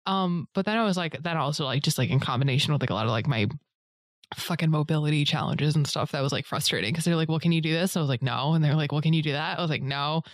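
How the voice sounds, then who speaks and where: A woman with a low-pitched, fast voice chats casually, telling a long story stuffed with fillers and performing other people's lines in a raised voice. It's recorded with clean studio sound and no room sound.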